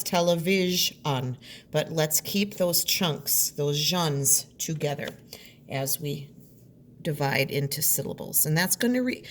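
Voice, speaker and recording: A woman teacher giving a recorded lesson, sounding out words slowly and deliberately. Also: low voice, slight background noise.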